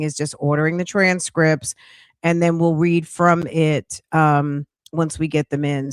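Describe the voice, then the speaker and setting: A woman's voice: clear, resonant tone, dry recording, clean studio sound. Emphatic woman streamer. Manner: emphatic, incredulous outbursts with rising pitch. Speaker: commentary streamer. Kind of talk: reacting to a court livestream.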